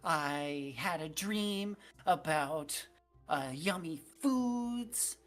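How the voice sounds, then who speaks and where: A woman voicing a curious, excitable girl of about twelve in a tabletop game, chirpy and full of questions. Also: low-pitched, extremely slow, soft background music, full character voice. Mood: chatty. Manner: chirpy, questioning, turns eerie.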